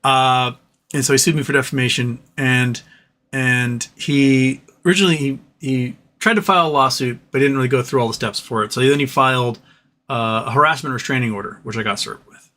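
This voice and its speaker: A man's voice: medium pitch, steady tone, fairly quick, pushed and bright. A man hosting a live stream, telling stories in a rambling, profane, casual way. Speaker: livestream host.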